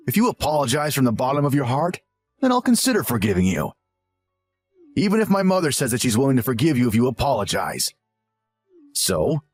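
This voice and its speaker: A man voicing a selfish, arrogant young husband who scolds and talks down to his wife. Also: medium pitch. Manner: condescending, whiny and scolding. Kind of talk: scripted story narration.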